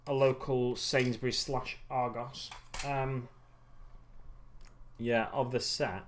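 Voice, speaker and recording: While building miniatures on a hobby livestream, a man with an ordinary mid-range voice chats casually and slowly, his intonation fairly even. He rambles and muses, trailing off with lots of ums and self-corrections, and he's clearly getting tired.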